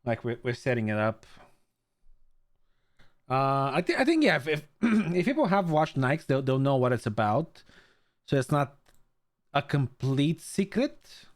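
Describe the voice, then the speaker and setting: A man's voice: medium pitch, big pitch swings, a little slow, long pauses. A young adult man from Bulgaria chatting casually with his live stream viewers, stammering through restarts, swearing freely and greeting chatters by name.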